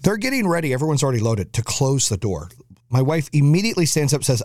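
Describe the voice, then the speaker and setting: A man's voice: mid-range voice, sing-song, quick pace, a little mellow, no echo, clean studio sound. A man hosting a podcast, telling a chaotic family travel story with lots of cursing and acted-out quotes. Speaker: podcast host. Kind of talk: storytelling monologue.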